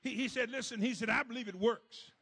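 A man preaching a sermon in call-and-response style, swinging from shouted lines to soft asides, with a gravelly voice. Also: very high voice, fairly quick. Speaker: pastor.

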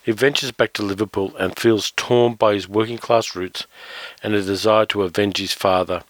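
A man hosting a casual film commentary. He speaks thoughtfully, with fillers and pauses as he reads from his notes. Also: on the low side, steady tone, no echo, poor audio. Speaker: film reviewer host.

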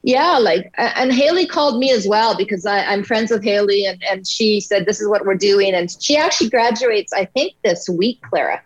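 A woman's voice: mid-range voice, lively intonation, normal speed, few pauses, no room sound, dull audio. A woman guest on a talk show, speaking in an emotional, chatty way over a video call. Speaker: guest, business person. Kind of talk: casual talk show conversation.

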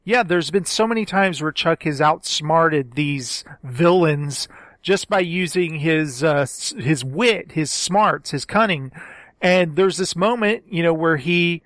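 A man's voice: on the high side, slow, fairly bright tone, dry recording. A man co-hosting a podcast, chatting casually and with enthusiasm about a show. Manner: enthusiastic, gushing, quotes scenes in acted voices. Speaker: podcast co-host.

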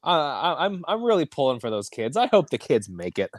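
A man in a casual chat, soft-spoken and hesitant, often repeating his first words. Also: fairly high pitch, sing-song, brisk, no room sound, studio quality.

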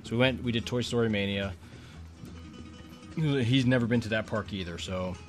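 Rambling low-voiced man telling a story. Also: normal speed, soft background music. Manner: rambling, chatty, with frequent restarts. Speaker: podcast co-host. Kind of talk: casual podcast storytelling.

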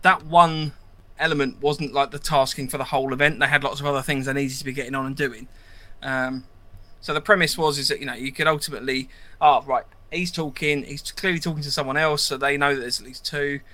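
A man's voice: medium pitch, brisk, few pauses. A man co-hosting a podcast, chatting casually and telling stories against himself. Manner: animated, self-mocking storyteller. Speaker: podcast co-host. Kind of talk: casual chat.

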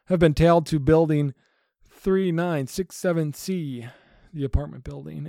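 A man's voice: fairly high pitch, gravelly, warm tone, no room sound, studio quality. A man hosting a Bible-based podcast, talking in an earnest, preaching way and repeating phrases for emphasis. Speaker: podcast host.

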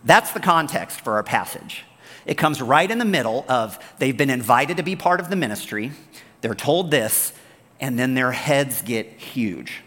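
A man preaching a sermon as pastor, talking in an animated, conversational way and telling stories. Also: medium pitch, unhurried, in a large hall. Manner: animated, conversational, storytelling, acts out the characters.

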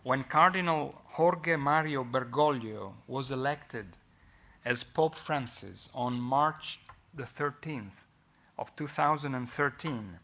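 Slow, gravelly Italian-accented lecturer. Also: male voice, medium pitch, sharp tone. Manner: measured, with frequent fillers and restarts. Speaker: guest lecturer. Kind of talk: formal lecture.

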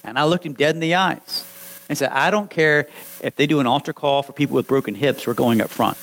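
A man preaching a sermon, telling his own testimony with animated storytelling that swings from hushed lines to loud ones. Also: medium pitch, brisk, vocal fry, a little hiss or hum, low-quality recording. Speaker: pastor.

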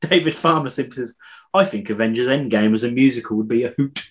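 A man's voice: mid-range voice, fast talker. A man hosting a podcast, chatting casually and reading out listener answers, laughing between lines. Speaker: podcast host.

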